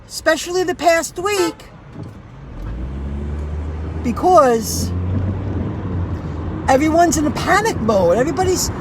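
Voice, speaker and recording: A woman's voice: very high-pitched, lively intonation, takes it slowly, pauses often, background noise. A woman who drives for food delivery, telling a rambling story on a casual livestream, repeating herself and restarting sentences.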